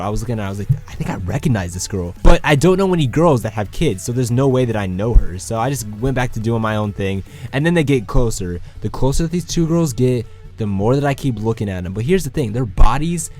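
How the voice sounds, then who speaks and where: A nineteen-year-old man casually telling a personal story to his viewers, acting out the quoted lines with lively energy. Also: mid-range voice. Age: young adult. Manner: animated, acts out quoted lines.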